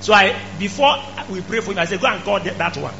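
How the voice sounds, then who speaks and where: Emphatic high-voiced male preacher, lo-fi. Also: fast, gravelly. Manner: emphatic, rising to shouts. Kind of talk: sermon. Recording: dull lo-fi recording with faint hum.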